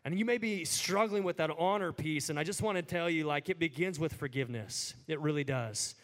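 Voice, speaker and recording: Man, pastor, conversational sermon, fillers, fairly high voice, emphatic peaks. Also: brisk, a bit bright. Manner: conversational preaching, many "like" fillers.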